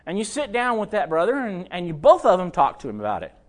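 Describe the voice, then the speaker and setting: A man's voice: high-pitched, huge pitch swings, quick pace. A pastor preaching a sermon, talking conversationally and addressing his listeners directly.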